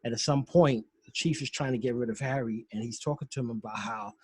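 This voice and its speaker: A man hosting a casual podcast over a video call, rambling with enthusiasm about what he loves. His voice has a slight husk at a middle pitch, and the sound is dry and close. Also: fast talker, breathy edge, no echo, low-quality recording. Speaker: podcast host. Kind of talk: casual commentary.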